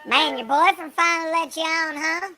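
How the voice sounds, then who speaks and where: A man's voice: very high voice, normal speed, pushed and bright, faint music behind, full character voice. A man voicing a hyped-up, boastful male crypto show-off in rowdy livestream banter. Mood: teasing.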